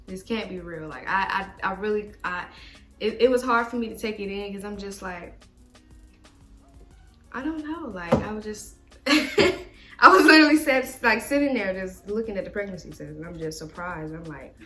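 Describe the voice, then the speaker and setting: A woman's voice: mid-range voice, normal speed, fairly bright tone. A young woman co-hosting a casual vlog, telling a personal story in a chatty way with many restarts. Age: young adult. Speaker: vlog co-host. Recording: echoey room with faint music.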